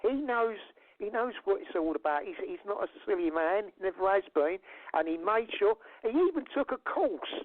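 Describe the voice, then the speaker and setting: A man talks emphatically on a radio show, stumbling over repeated words. His voice is fairly high. The sound is dry and thin, like a phone line. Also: expressive, normal speed, dry recording. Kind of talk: casual radio talk.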